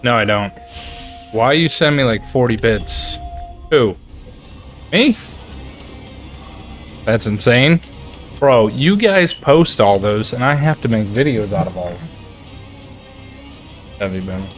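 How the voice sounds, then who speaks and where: A man streaming a video game, reacting loudly, swearing in frustration and chatting with his viewers. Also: medium pitch, animated, slow pace, pauses often, faint music behind. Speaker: gaming streamer. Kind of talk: live gameplay commentary reading chat.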